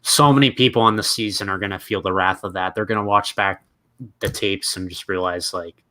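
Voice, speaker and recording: A man's voice: deep voice, steady tone, fairly quick, sharp tone. A man co-hosting a casual recap show over an online call, rambling and hedging as he talks. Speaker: podcast co-host.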